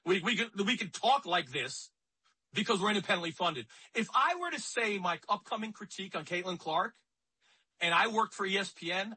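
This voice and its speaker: A man's voice: high-pitched, lively intonation, normal speed, sharp tone, slightly rough, low-quality recording. A man hosting a talk radio show, speaking in a conversational, emphatic way and often repeating himself.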